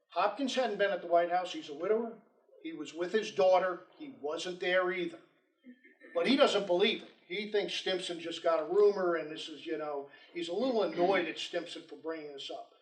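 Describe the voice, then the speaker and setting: A man giving a storytelling history lecture, animated and acting out quoted dialogue, in a lecture room with roomy echo. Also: high voice, normal speed. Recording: roomy echo, distant mic.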